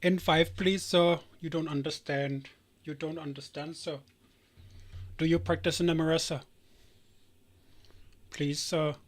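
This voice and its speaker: A man's voice: a little high, fairly even intonation, measured pace, pauses often. A man voicing a desperate male job-seeker who begs over and over, calling everyone sir. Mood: pleading. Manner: begging, repeating "sir".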